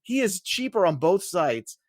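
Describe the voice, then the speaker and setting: Male podcast co-host, eager and emphatic, a touch high-pitched, dry studio sound. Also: unhurried, dry recording. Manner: excitable, emphatic, laughs often. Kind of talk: casual fantasy football chat.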